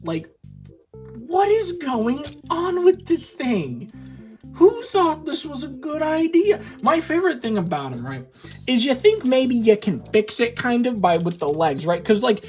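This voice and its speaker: Woman toy reviewer: lively pitch, unhurried, rambling and giggly, casual swearing. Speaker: toy collector reviewing figures.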